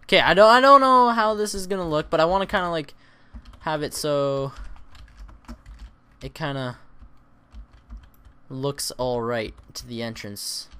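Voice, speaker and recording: A man hosting a Let's Play, chatting casually and rambling through his gameplay with self-mocking, excitable asides. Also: on the high side, a little slow, long pauses, smooth. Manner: lively, excitable exclamations.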